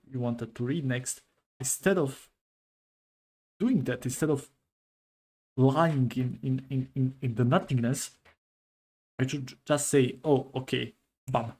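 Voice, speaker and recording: Male streamer, gravelly, casual musing reactions, halting delivery. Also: mid-range voice, darkish tone.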